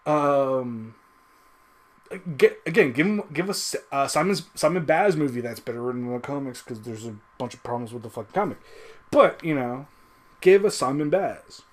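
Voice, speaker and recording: A man ranting casually to his audience, swearing constantly, heated and emphatic. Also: normal speed. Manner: profane, heated, lively swings in pitch. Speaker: video creator. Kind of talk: casual rant to camera.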